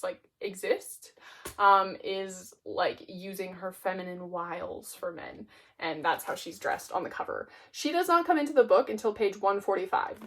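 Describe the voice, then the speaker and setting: A young woman reviewing her monthly reads on camera. She talks in a relaxed, rambling way, dropping "like" into nearly every sentence. Her voice sits at an ordinary middle pitch. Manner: chatty, peppered with "like". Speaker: book reviewer. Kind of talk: casual chat.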